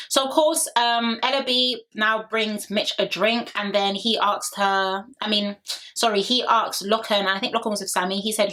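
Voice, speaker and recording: A woman's voice: medium pitch, brisk, sharp tone. A young woman giving a sassy, opinionated recap in casual chat and talking straight to her viewers. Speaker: reality TV recap vlogger. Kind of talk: casual chatty commentary.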